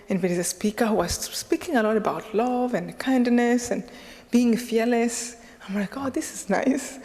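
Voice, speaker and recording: A woman's voice: mid-range voice, a little mellow, in a large hall. A woman from Rwanda, a guest speaker telling a personal story to an audience, laughing often and acting out the dialogue. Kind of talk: storytelling talk to a live audience. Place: lecture hall.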